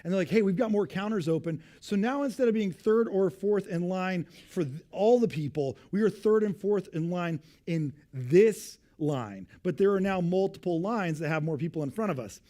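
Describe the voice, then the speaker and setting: Animated man telling a story, mellow voice. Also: high voice, moderate pace, hardly any pauses. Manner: animated storyteller, acting out voices, drops to a hushed tone for suspense. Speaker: pastor. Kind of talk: storytelling sermon.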